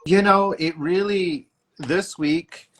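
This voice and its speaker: A man hosting a spiritual tarot chat, talking enthusiastically but haltingly as he starts sentences over. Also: sits high, a little hiss or hum. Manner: enthusiastic, halting with fillers and restarts. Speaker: tarot reader and host.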